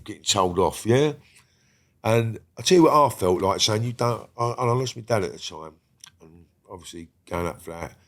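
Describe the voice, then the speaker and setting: A middle-aged man telling stories as an interview guest, swearing often and speaking in a heated, emphatic way. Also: fairly low pitch. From Britain. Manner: heated, profane, emphatic storytelling. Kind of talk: casual storytelling.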